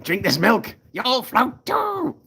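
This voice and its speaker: A man putting on a creepy male killer clown who coaxes a child in a slow, sinister voice. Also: very high-pitched, wildly swooping pitch, creaky, sharp tone, slight background noise, pitched above the performer's own voice, heavily acted. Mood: sinister coaxing.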